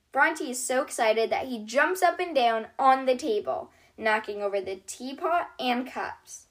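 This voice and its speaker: A woman hosting a channel where she reads children's storybooks aloud in a gentle voice. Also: sits high, lively intonation. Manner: gentle, unhurried reading voice.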